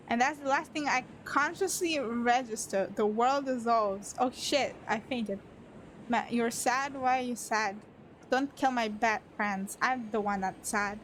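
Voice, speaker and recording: A woman streamer reads a story game aloud into a desk mic and keeps tossing in playful, swearing asides. Her voice sits a bit high. A faint hiss runs underneath. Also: normal speed. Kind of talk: reading a story game aloud with live reactions.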